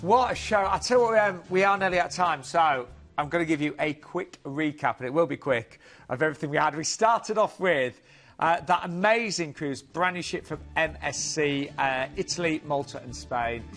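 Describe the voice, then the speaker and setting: A man's voice: fairly high pitch, expressive, normal speed, fairly bright tone, faint music behind. A man co-presenting a TV cruise sales show, upbeat and pushing the offers. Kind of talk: casual studio sales chat.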